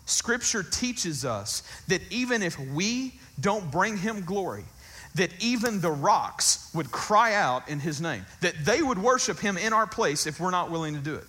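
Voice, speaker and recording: Guy preaching casual style, reads verses out with punch, kinda high voice. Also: sharp tone. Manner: conversational, reads verses aloud with emphasis. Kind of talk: casual sermon on scripture.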